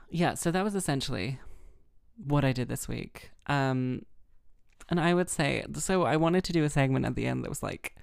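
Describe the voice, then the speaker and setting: A woman hosting a casual solo podcast, chatty and self-mocking, rambling with lots of fillers and a heavy vocal fry. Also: extremely low pitch, expressive, normal speed, darkish tone, no echo, clean studio sound. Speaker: harpist and podcast host.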